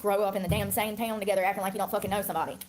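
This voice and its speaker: A woman's voice: medium pitch, steady tone, racing, over music. A woman in her thirties ranting to camera in a heated, profane, repetitive way. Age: 30s. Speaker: online personality.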